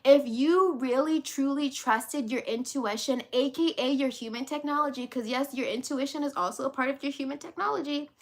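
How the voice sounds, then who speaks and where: A woman's voice: sits high, normal speed, hardly any pauses. A woman life coach giving an emphatic motivational monologue, blunt and preachy, swearing freely and acting out the inner voices of her listeners.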